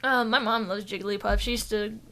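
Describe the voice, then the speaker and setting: A woman's voice: mid-range voice, fairly even intonation, fairly quick, pushed and bright. A woman co-hosting a casual gaming podcast, chatty and giggly, rambling with lots of fillers. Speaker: podcast co-host. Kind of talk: casual chat.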